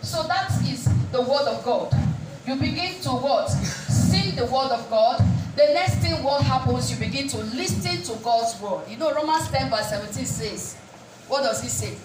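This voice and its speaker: A woman's voice: high-pitched, expressive, moderate pace. A woman preaching a sermon. She asks the congregation questions and keeps saying "praise God" between points. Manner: call-and-response questions, repeated "praise God". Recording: echoey room, distant mic, faint music.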